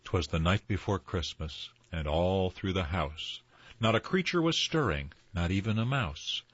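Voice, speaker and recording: An older man reads a storybook aloud, slow and expressive, his very deep, husky voice rising and falling widely. The sound is dry and a little dull. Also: no room sound. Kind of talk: reading stories aloud. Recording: slightly dull dry recording.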